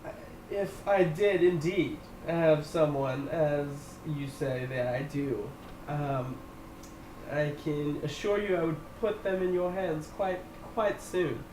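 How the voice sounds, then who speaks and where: A man's voice: fairly high pitch, fairly even intonation, takes it slowly, reverberant, a little hiss or hum, rough recording. A man doing Finn, a fond old innkeeper. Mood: sly. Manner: hesitant with many fillers, bursts into loud cheer.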